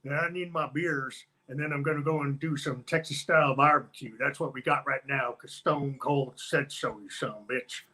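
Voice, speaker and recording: A man doing an impression of a rowdy, gruff Texan wrestler who swaggers and curses. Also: mid-range voice, fairly even intonation, moderate pace, few pauses. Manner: yelling, swaggering, cursing.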